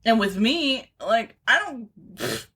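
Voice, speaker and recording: A woman's voice: fairly high pitch, very animated, slow, sharp tone, slightly rough. A woman in her thirties co-hosting a podcast in casual chat, rambling with lots of fillers and restarts. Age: 30s. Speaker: podcast co-host.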